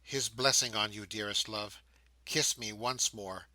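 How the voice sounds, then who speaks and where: Man voicing a grieving young woman, pleading, tremulous, bright tone, audiobook. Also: on the low side, fairly even intonation, measured pace, no echo, low-quality recording. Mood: anguished. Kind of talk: audiobook character reading.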